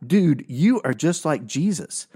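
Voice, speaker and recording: A man's voice: a little high, animated, slow pace, dark tone, husky, heavily acted. A man voicing an enthusiastic young friend who agrees with everything in casual slang. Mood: fired up. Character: young man's loyal friend, enthusiastic buddy.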